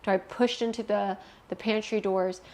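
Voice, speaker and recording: A woman's voice: medium pitch, steady tone, normal speed, a little mellow. A young adult woman, an interview guest, telling a painful personal story candidly and emotionally, swearing freely.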